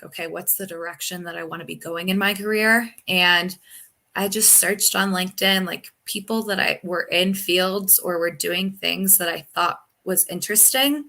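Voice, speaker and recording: A woman's voice: mid-range voice, bright, forceful tone. A young woman, a technical recruiter, chatting on a live video call interview with lots of ums and you-knows. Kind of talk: casual live-stream interview.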